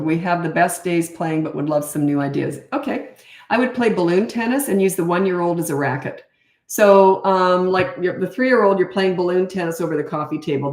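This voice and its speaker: A middle-aged woman parenting coach chatting casually through viewer questions, animated, with quick asides. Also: lowish voice. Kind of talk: casual Q&A talk. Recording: roomy echo.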